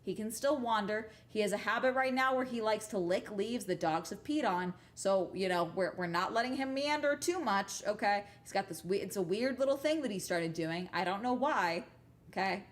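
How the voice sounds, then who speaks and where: A woman's voice: mid-range voice, normal speed. A woman livestreaming from home, telling rambling stories to her chat in a casual, profane, emphatic way and tagging sentences with "okay?". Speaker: livestream host chatting with viewers.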